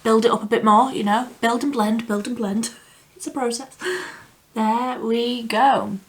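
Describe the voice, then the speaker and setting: Casting: young woman vlogger, unhurried and chatty, musing aloud as she works. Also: on the high side, steady tone. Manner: chatty, thinks aloud, laughs at herself. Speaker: beauty vlogger. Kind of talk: casual makeup tutorial chat.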